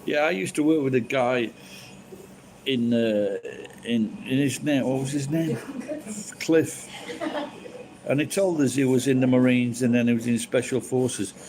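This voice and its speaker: A man's voice: mid-range voice, steady tone, unhurried, long pauses, darkish tone, slight background noise, rough recording. A drunk man rambling and swearing through casual chat as a live streamer, full of false starts. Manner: crude, swears a lot, rambling with restarts.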